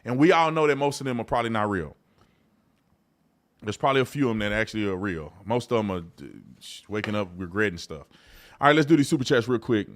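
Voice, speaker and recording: A man hosting a live-streamed talk show in a casual, colloquial way, swinging from loud outbursts to low mutters and often repeating himself. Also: expressive, fast talker. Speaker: host.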